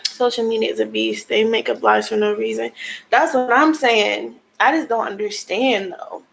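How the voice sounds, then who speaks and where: Young woman vlogger, high voice, emotional venting, tearful and frustrated. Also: steady tone, moderate pace, creaky, a bit bright, a little hiss or hum, low-quality recording. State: crying at times. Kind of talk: emotional personal vlog talk.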